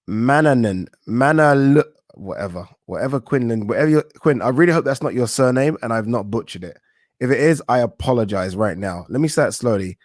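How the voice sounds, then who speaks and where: An English boxing YouTube host reads viewer comments aloud, chatting casually, joking and swearing in a laid-back way. His mid-range voice comes through in clean studio sound with no room sound.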